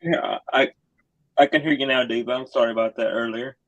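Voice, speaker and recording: Emotional guy on a muffled dry call, flat voice, keeps saying uh. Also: mid-range voice, no echo. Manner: halting, apologetic, many uhs. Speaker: caller in a live chat room. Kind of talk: halting emotional comment. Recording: dull dry lo-fi call audio.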